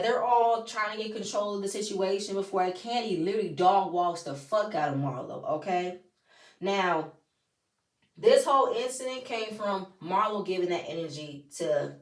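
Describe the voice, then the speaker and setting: A woman's voice: mid-range voice, expressive, moderate pace. A woman giving a casual recap of a reality TV episode, blunt and profane with sassy asides. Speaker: reality TV reviewer. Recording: roomy, voice from a distance.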